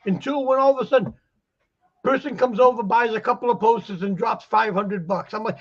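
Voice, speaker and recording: A man's voice: sits high, steady tone, fairly quick. A man chatting casually about dealing posters, rambling and acting out the conversations he quotes. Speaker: guest poster dealer. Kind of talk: casual chat. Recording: muffled lo-fi audio.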